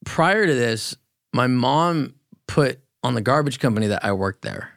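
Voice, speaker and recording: A man's voice: mid-range voice, lively intonation, measured pace, creaky, a bit bright, no echo, clean studio sound. A man appearing as a podcast guest, talking bluntly and casually and swearing now and then. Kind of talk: casual conversation.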